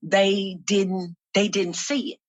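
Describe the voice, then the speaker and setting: A woman minister and activist sharing her personal testimony in a podcast interview, speaking earnestly and slowly, often repeating herself as she gathers her thoughts. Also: medium pitch, level tone, dry recording, highs cut off.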